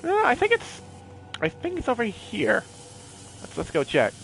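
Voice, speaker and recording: A man casually commenting on his own gameplay, excitable, exclaiming and playfully taunting enemies into a desk mic. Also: extremely high pitch, measured pace, vocal fry, slight background noise. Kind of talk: casual let's-play commentary. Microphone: personal desk mic.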